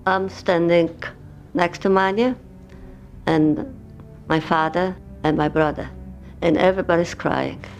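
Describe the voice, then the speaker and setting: Older woman, halting testimony. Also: on the low side, creaky, faint music behind. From Poland. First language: Yiddish. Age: 70s. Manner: halting, emotional storytelling with broken English. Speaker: interviewee. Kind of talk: personal testimony.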